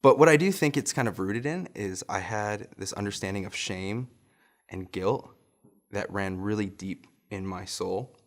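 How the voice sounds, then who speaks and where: A young male pastor with a fairly low voice tells a story from his childhood in a relaxed, conversational sermon. He laughs at his own tale now and then. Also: a little slow. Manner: chuckles often while telling a story.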